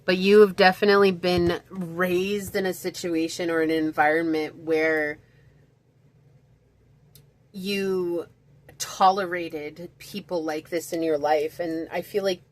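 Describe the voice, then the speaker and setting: A woman's voice: on the low side, steady tone, slow pace. A woman giving a chatty, reflective pick-a-card tarot reading, full of fillers and asides, hiccuping at times. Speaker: tarot reader.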